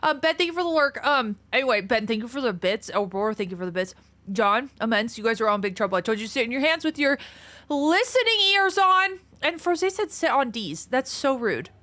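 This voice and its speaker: A woman streamer with a slightly high, animated, somewhat bright voice talks fast and a little breathlessly. She chats casually with her viewers, reading their messages and greeting people by name.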